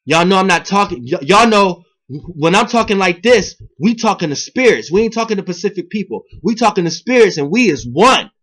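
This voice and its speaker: A man, delivering a rambling, profane spiritual monologue to his viewers, alternating loud emphatic bursts with low muttering. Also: expressive, fairly quick. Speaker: video blogger.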